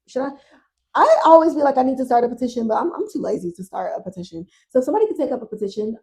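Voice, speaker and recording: A woman hosting a casual TV recap podcast, animated and exasperated, swearing freely and talking to listeners as y'all. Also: medium pitch, low-quality recording. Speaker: podcast host.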